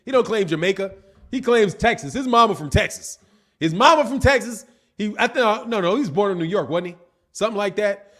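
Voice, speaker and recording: A man hosting a casual boxing live stream, reading viewers' chat messages aloud in a slangy, animated way and laughing often. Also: high-pitched, brisk.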